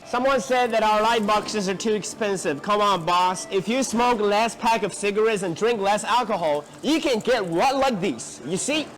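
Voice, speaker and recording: A man selling light boxes in a cheery, folksy sales pitch, using a put-on American country accent blended with other accents, recorded on a factory floor. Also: moderate pace, hardly any pauses, fairly bright tone. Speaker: light box company spokesperson.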